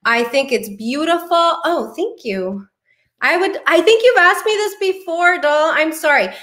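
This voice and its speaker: A woman's voice: high-pitched, sharp tone. A woman in her thirties hosting a casual beauty livestream from home, bubbly and effusive as she greets viewers by name. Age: 30s. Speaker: beauty channel host.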